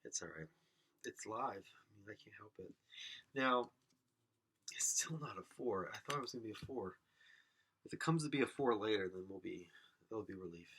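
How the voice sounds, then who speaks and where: A fairly low, husky, slightly bright voice comes from a man hosting a goofy podcast solo, speaking at a moderate pace with frequent pauses. He rambles through an absurd comic monologue, poking fun at himself and talking to invisible listeners.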